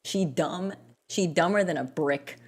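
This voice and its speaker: Woman vlogger rambling casually over her game, kinda low voice, lots of ums. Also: a little slow, husky. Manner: chatty, rambling, lots of fillers and restarts. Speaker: gaming vlogger. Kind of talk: casual chat while gaming.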